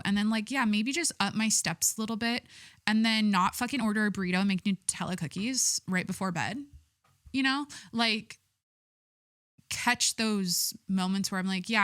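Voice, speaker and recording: A young woman talks through her week on her own podcast, wandering from thought to thought with plenty of fillers and casual swearing. Her voice sits at an ordinary pitch for a woman. The sound is dry and close, with no room around it. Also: fairly bright tone, dry recording. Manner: rambling, swears often, many fillers. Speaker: podcast host. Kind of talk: casual solo chat.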